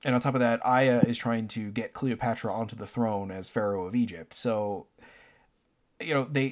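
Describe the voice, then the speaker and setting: A man in easy, casual conversation about a game he finished. His voice is mid-pitched and ordinary, and he rambles, circling back with fillers and false starts as he gathers his thoughts. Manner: rambling, many fillers and restarts. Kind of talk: casual game review chat.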